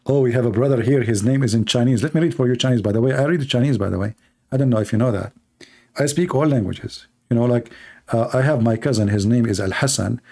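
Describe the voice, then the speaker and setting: Guy hosting a livestream, mocking and sarcastic, mellow low-key tone, broken english. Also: gravelly. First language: Arabic. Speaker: livestream host. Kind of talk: mocking live-stream commentary.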